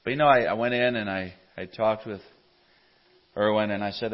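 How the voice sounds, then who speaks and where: A man's voice: on the low side, fairly even intonation, normal speed, pauses often. Earnest preacher man, dull lo-fi recording. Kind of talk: sermon. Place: church. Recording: dull lo-fi church audio recording.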